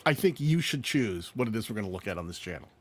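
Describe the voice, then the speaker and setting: Lively, sing-song male game-show co-host. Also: lowish voice, fast, faint music behind. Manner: lively, playful, thinks aloud while reading. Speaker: co-host of a live-stream channel review game show. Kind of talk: casual live-stream banter and channel critique.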